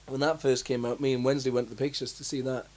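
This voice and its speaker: A man's voice: mid-range voice, flat delivery, quick pace, a little mellow. A young man co-hosting a casual chat about films, rambling with lots of fillers and restarts. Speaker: podcast co-host.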